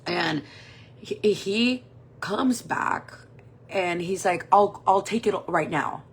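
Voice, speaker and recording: Her voice is mid-range, slow, and has a breathy edge. She's a makeup vlogger in her 40s, telling a personal story while doing her makeup, animated and swearing freely as she acts out quoted dialogue.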